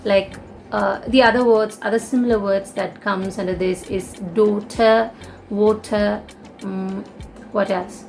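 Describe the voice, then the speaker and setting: Young woman with an Indian English accent, teaching at a mid pitch over faint music and explaining carefully. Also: little pitch movement, moderate pace. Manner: explanatory, with many fillers and restatements. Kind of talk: casual video lesson.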